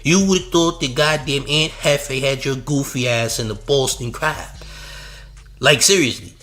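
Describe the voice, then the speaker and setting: Brash mocking man with a bright voice. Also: medium pitch, measured pace. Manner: mocking, trash-talking, repeats "champ". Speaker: commentary show host. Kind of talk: streamed reaction commentary.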